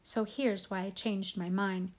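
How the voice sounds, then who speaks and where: A woman's voice: mid-range voice, steady tone, unhurried. A woman narrating a first-person audiobook in a casual, conversational tone. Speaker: audiobook reader.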